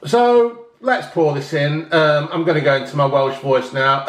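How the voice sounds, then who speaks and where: A man's voice: a little high, lively intonation, normal speed, hardly any pauses. A slightly tipsy man hosting a casual drinks review, rambling and joking as he chats. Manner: rambling, jokey, chatty. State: a bit tipsy. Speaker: vlog host reviewing drinks. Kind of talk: casual chat. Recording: roomy echo.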